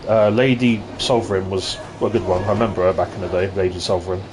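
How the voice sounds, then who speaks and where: A man's voice: deep voice, steady tone, fast, background noise. A man from London chatting casually and ranting in asides while live-streaming a retro game at his desk mic.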